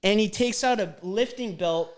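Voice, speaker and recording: Animated, swearing man telling a story. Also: high-pitched, normal speed. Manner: animated, profane, lots of fillers. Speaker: podcast co-host. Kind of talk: casual storytelling chat.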